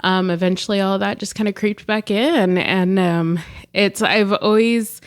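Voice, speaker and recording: A woman's voice: mid-range voice, steady tone, a little slow, clear, resonant tone. A woman guest sharing a personal faith testimony in an interview, talking openly with many fillers and frequent laughs. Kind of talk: candid personal testimony in conversation. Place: studio interview in Fresno.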